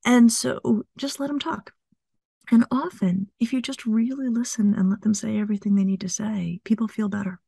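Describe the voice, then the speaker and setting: A middle-aged woman psychologist, a guest in an interview, explaining things calmly step by step. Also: a little high, normal speed, vocal fry, husky, no echo, studio quality.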